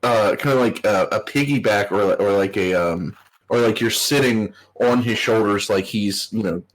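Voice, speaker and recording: Husky game master, easygoing, explains the rules. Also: deep voice, normal speed. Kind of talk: running a tabletop game.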